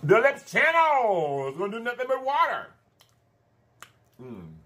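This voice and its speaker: In a very high, sharp voice whose pitch swoops wildly, a thirty-year-old man hosts a casual eating show. He chats with viewers between bites, drawing out "honey" and "baby," and hums while eating.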